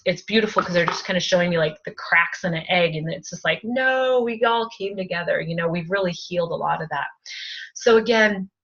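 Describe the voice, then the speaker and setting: A woman spiritual advisor leading a group energy-healing session over a video call, speaking softly with emotional, halting phrasing and many fillers. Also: on the low side, lo-fi sound.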